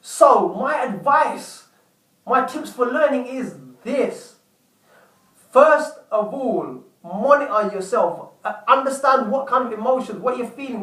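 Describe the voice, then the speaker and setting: In an echoey room far from the mic, a man with an extremely high, fairly bright voice delivers a self-help talk. He shares a personal story earnestly, repeating and rephrasing his points again and again.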